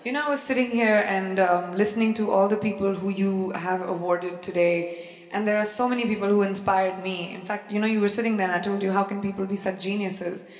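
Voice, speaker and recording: A woman's voice: medium pitch, fairly even intonation, fairly quick. Playful Indian woman on a hall stage. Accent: Indian English. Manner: playful, laughs often, teasing the audience. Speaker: celebrity guest on stage. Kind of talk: live stage Q&A, casual and joking. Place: large event hall. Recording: echoey hall with long reverb.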